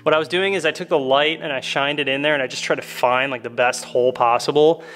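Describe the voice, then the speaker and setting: A man's voice: medium pitch, steady tone, fast talker, a bit bright, slight background noise. A man with a laid-back, chatty, enthusiastic manner, talking through a casual how-to car tutorial from inside a car. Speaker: car modification YouTuber. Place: inside a car while working on trim.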